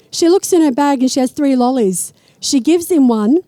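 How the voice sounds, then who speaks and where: A woman giving a live spiritual talk to an audience, chatty and storytelling, slowing down when she speaks of God. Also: high voice, lively intonation, mellow, rough recording. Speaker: spiritual teacher.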